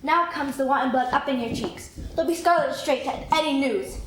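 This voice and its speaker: A woman's voice: sits high, normal speed, fairly bright tone. A woman acting a rambling, complaining old female nurse in a live stage play. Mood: teasing. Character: fussy, long-winded old female nurse. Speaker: stage actor. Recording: echoey hall, noisy audience recording.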